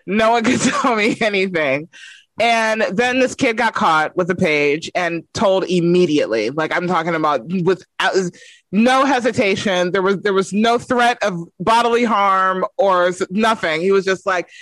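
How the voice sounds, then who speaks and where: A woman telling a funny childhood story in a casual chat, animated and laughing as she goes. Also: medium pitch, moderate pace, no room sound, low-quality recording. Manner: animated, laughs through her stories.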